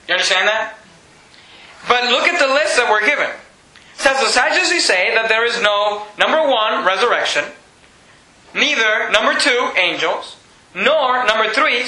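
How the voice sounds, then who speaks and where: A man preaching a lively sermon. He reads scripture aloud and acts out the people in the story. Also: very high-pitched, normal speed. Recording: echoey room.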